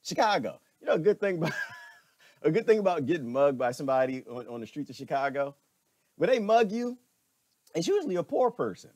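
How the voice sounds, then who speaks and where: Animated man preaching his opinions. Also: a little high, a little fast, dry recording. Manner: preachy, wry, acts out voices. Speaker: commentator.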